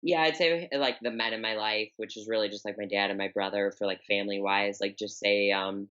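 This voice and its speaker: A woman's voice: very deep voice, steady tone, a little fast, fairly bright tone, clean tone, dull audio. A young woman in her twenties with a Chicago accent, chatting casually as a podcast guest and filling her talk with "like". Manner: chatty, many "like" fillers and repeats. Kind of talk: casual interview chat.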